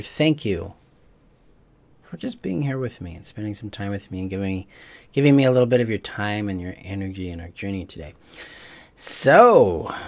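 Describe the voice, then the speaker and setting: A man with a lowish voice leads a live online teaching session as coach. He explains his ideas gently and reflectively and sometimes restarts a phrase as he finds his words.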